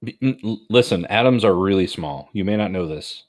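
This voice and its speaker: A man co-hosting a comedy podcast, cracking jokes and quick asides as he riffs on an old movie alongside a friend. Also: fairly low pitch, lively intonation. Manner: joking, quick asides, laughs often. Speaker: podcast co-host. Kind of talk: casual movie riffing commentary.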